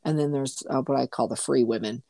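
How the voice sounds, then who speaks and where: A woman in her fifties in casual chat, animated and quick to laugh and agree. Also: extremely low pitch, vocal fry, no room sound. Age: 50s.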